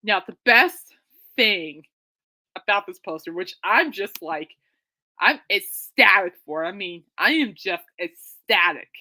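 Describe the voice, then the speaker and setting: An excitable woman rambles through her podcast in casual chat, correcting herself as she goes. Her voice is bright and sharp, with a mid pitch. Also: slow. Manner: chatty, excitable, self-correcting. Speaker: podcast host.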